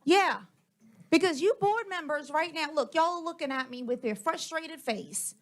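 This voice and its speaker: A woman's voice: high voice, normal speed. A woman, a school board member speaking heatedly and confrontationally at a public board meeting into a table microphone.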